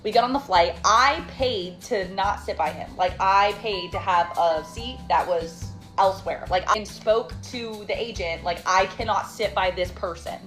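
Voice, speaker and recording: A woman's voice: mid-range voice, measured pace, hardly any pauses, a bit bright, faint music behind. A young woman casually telling a storytime, chatty and dramatic with sassy asides.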